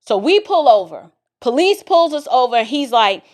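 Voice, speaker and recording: A woman from the Bronx telling a personal story in a casual, expressive way, talking straight to her listeners. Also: sits high, normal speed. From the Bronx, New York. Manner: animated and expressive, addresses listeners directly.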